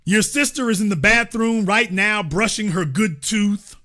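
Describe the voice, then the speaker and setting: A man's voice: high-pitched, unhurried, pushed and bright. A man hosting a call-in show, taunting a caller with sarcasm and repeating phrases for emphasis. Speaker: host. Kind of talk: live call-in commentary.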